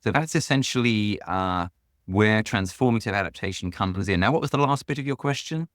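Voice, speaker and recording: A man's voice: lowish voice, lively intonation, a little fast, fairly bright tone, dry recording, clean studio sound. A man answering as a guest author on a podcast, earnest and emphatic, leaning hard on key words.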